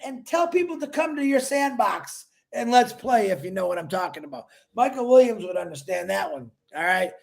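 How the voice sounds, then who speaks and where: A man with a strikingly high voice hosts a casual livestream. He talks in an emotional, effusive way and greets his viewers one by one by name. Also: vocal fry. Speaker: livestream host.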